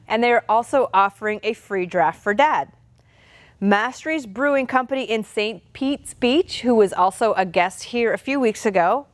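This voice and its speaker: Bright-voiced woman host. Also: fairly high pitch, dry recording. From Canada. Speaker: show host. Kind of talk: scripted show announcements.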